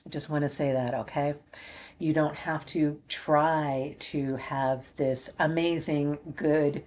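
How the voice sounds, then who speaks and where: A woman's voice: low-pitched, a little mellow. A woman reading oracle cards for her viewers, talking in an encouraging, coaxing way and repeating phrases for emphasis. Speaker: oracle card reader. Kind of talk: spiritual guidance talk to viewers.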